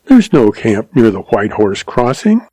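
A man reading a story aloud and voicing a young ranch woman who speaks slowly and sweetly with a mocking edge. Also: on the low side, big pitch swings, dark tone, breathy edge, no room sound, exaggerated voice. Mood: sharp. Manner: deliberate, sugary.

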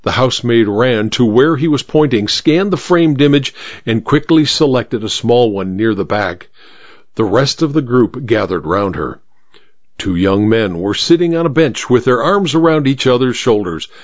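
A man hosting a radio mystery hour, reading the story aloud in an expressive, measured way. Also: medium pitch, no room sound, muffled recording. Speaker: host and story reader.

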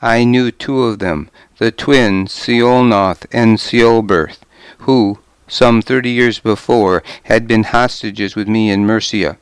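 Slow, smooth-voiced male audiobook narrator. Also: lowish voice, fairly even intonation, dry recording. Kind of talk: first-person scripted narration.

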